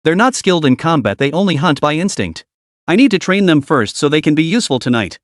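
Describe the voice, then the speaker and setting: A sly, cocky ten-year-old boy livestreamer, as a male narrator reads him teases his viewers with smug confidence. The voice stays a touch high and bounces around freely. The recording is dry and close. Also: sing-song, fast talker, no echo.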